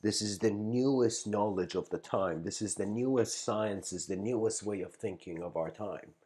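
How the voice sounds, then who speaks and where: A man's voice: lowish voice, normal speed, lightly acted. A man voicing a proud young scholar who talks scornfully, within a spiritual lecture. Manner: scornful, shouting.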